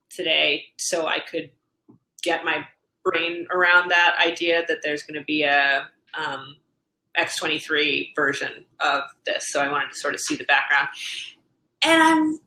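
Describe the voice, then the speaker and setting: A woman in her thirties, co-hosting a casual podcast with a bright, forceful voice. She talks quickly from thought to thought and slips into little put-on voices to quote people. The room has a noticeable echo. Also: on the low side. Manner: chatty, laughing often, quotes people in animated voices. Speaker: podcast co-host. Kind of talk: casual chat. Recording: roomy echo.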